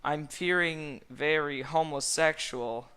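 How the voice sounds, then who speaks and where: A brash, overexcited male donkey declares himself in a boisterous, exaggerated way, as a man puts him on. The voice is pitched a little above a normal speaking voice and comes out slow and loud. It is played for laughs, like a comic fan-fiction read aloud. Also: clear, resonant tone. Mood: declaring.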